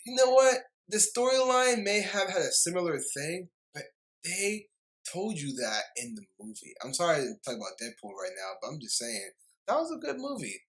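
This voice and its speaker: A man's voice: medium pitch, low-quality recording. A young man delivering a heated, rambling movie review rant, often stumbling over his words and apologizing. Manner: heated, repetitive ranting with frequent apologies. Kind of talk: ranting video review.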